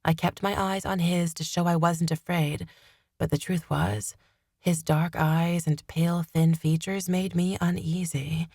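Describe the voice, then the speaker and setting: Female audiobook narrator, low, measured delivery, dry studio read. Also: steady tone, darkish tone, slightly rough, no room sound. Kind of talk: first-person audiobook narration.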